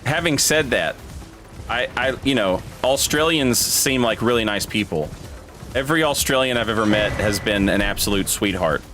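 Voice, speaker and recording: A man's voice: fairly low pitch, expressive, normal speed, a bit bright, soft background music. A man streaming a video game, rambling casually, joking and swearing freely. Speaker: gaming streamer. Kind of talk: casual gaming commentary.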